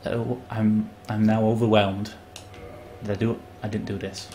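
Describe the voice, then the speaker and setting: A man live-streaming a video game, chatting excitedly and greeting viewers by name. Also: fairly low pitch, normal speed, slight background noise. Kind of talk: casual live game commentary.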